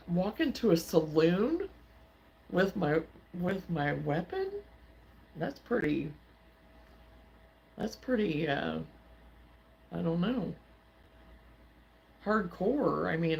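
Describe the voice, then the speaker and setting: A woman hosting a crafting livestream, chatting casually and in a halting way as she replies to viewer comments. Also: fairly low pitch, vocal fry, slight background noise. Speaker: livestream host. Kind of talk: casual chat while crocheting.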